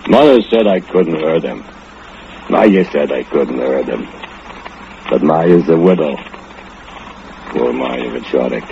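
An actor playing a drunken, murderous foundry laborer who speaks in broken English and gloats with low chuckles, in an old-time radio drama. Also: male voice, expressive, slow pace, vocal fry, long pauses, slight background noise, heavily acted. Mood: gloating. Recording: muffled old radio recording with music.

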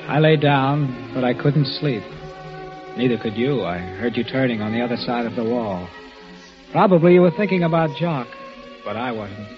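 A man's voice: mid-range voice, normal speed, close to an everyday voice. An actor playing an earnest man who narrates his story in reflective first person, in a 1940s radio play, from a dull old recording with music behind him.

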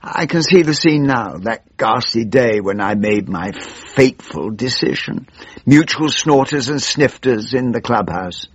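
An actor playing a disillusioned, elderly English backbench politician in a comic radio monologue, with a plummy, drawling, world-weary manner. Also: male voice, medium pitch, animated, measured pace, husky, dry recording. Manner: world-weary, exasperated and sardonic. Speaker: radio comedy monologue performer. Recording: dull lo-fi radio recording.

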